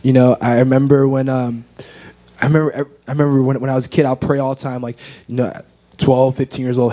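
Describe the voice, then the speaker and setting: A young man from the United States, appearing as an interview guest, gives an earnest, heartfelt personal testimony. His mid-range voice is warm and mellow, holding a steady tone at a brisk pace.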